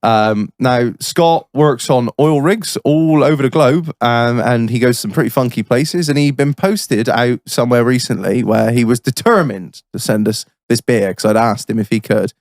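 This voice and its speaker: A man co-hosting a podcast, chatting crudely, swearing freely and breaking into loud exclamations. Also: mid-range voice, normal speed, few pauses, no room sound, clean studio sound. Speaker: podcast co-host. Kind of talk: crude casual banter.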